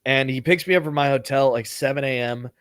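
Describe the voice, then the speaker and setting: A man hosts a comedy podcast and tells a travel story. He swears freely and drifts from point to point in an offhand way. His voice sits at a middling pitch and sounds close and dry. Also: fast, fairly bright tone, no echo. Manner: rambling, profane, offhand. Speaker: podcast host.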